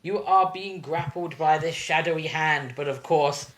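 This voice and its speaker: A man running a tabletop game as game master, talking in a relaxed, rambling way, often restarting his sentences. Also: a little high, measured pace, a little hiss or hum. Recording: roomy echo.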